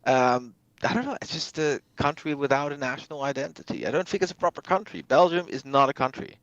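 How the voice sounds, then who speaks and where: A man's voice: a little high, animated, fairly bright tone, no room sound, highs cut off. Blunt, opinionated man on a dry mic. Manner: blunt, opinionated, halting with fillers. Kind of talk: casual conversation.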